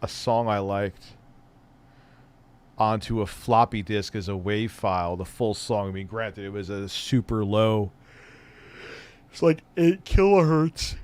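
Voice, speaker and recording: Homem de voz grave conversando numa live. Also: male voice, lowish voice, fairly even intonation, normal speed, clean tone, dry recording. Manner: loose, rambling, swears casually. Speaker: streamer host. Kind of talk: casual live-stream chat.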